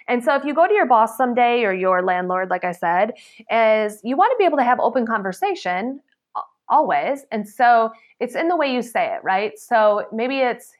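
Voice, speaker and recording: A woman in the salon trade giving an earnest, chatty motivational talk. She often checks in with "okay?" and "right?" and acts out the remarks she quotes. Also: on the high side. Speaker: salon professional sharing advice.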